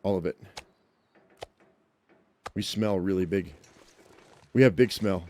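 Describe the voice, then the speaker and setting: A man's voice: low voice, slow, darkish tone, a little hiss or hum. A man casually commenting on his own survival gameplay, chatting to himself and his viewers with jokey exclamations. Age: adult, owns a dog. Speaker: let's play gamer.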